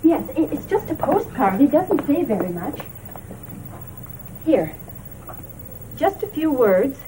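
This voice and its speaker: An actress playing a brisk, practical mother of the household in a 1970s period TV drama. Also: sits high, very animated, heavily acted. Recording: distant voice over hissy old TV audio.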